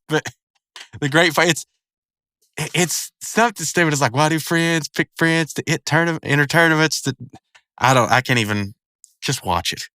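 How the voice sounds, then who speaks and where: Bright-voiced man rambling through episode commentary. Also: medium pitch, no room sound, clean studio sound. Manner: rambling, many fillers and restarts. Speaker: video commentator.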